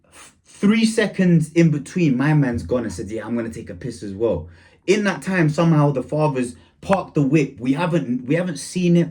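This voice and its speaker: A man's voice: mid-range voice, darkish tone. A young man telling a rambling, slang-heavy story in a casual storytime.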